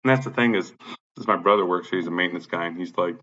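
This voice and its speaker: A man from Illinois rants with agitated energy, cursing at nearly every turn. His voice has a bright, forceful edge, and the recording sounds slightly dull and lo-fi. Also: fast talker. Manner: agitated, swearing constantly, says he is high. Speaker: tenant complaining about his apartment complex. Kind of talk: angry profane rant.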